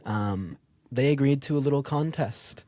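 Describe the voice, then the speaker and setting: A man's voice: mid-range voice, moderate pace, dry recording. A man co-hosting a podcast, telling a castle's history in casual chat, with fillers and frequent laughter. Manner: animated, laughs often, fillers like um.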